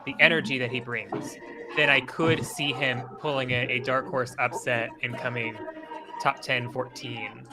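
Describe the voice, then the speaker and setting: A man's voice: mid-range voice, steady tone, a little slow, over music. A man chatting loosely as a panelist on a live stream, with many fillers. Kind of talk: casual live stream chat.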